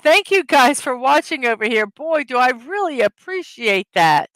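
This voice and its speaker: A woman's voice: high-pitched, big pitch swings, normal speed, fairly bright tone, dry recording. A middle-aged woman hosting a casual livestream, giggling as she reads viewers' jokes aloud. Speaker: livestream host.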